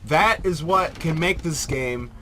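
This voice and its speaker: A man's voice: a little high, slow, sharp tone, a little hiss or hum. A man giving casual, rambling Let's Play commentary, joking and swearing freely. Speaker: game commentator.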